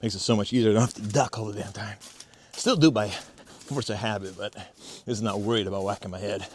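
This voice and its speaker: A man's voice: on the low side, steady tone, fairly quick, slight background noise. A man with a cold, chatting casually and swearing as he tends a fire outdoors and explains his method for a DIY vlog. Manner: chatty, profane, self-mocking, explains as he works. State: has a cold. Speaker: DIY homestead vlogger. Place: outdoors at a fire pit in a valley.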